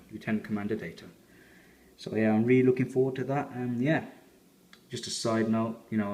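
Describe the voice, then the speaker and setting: A man's voice: on the low side, a little mellow, reverberant. A man giving a rambling, chatty fan review as he unboxes a collector's set.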